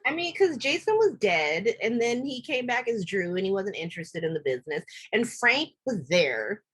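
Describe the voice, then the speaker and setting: A woman guest-hosting a podcast in casual chat, animated and swearing casually. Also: medium pitch, fairly quick, slightly rough. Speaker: guest host.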